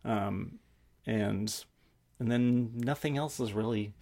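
A man's voice: medium pitch, slow, mellow. A man co-hosting a podcast, chatting casually and hesitantly, with many fillers and trailing sentences. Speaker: podcast co-host. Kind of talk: casual tech chat.

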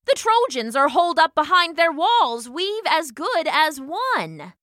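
A woman's voice: high-pitched, big pitch swings, a little slow, a bit bright, no echo, clean studio sound, voice pushed up, heavily acted. A woman voicing a scornful male Greek soldier who talks in a scoffing, dismissive way.

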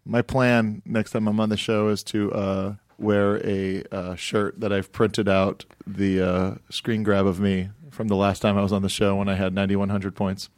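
A man's voice: lowish voice, little pitch movement, normal speed, few pauses, darkish tone, dry recording, studio quality. A man joking around in a casual podcast chat, teasing the host.

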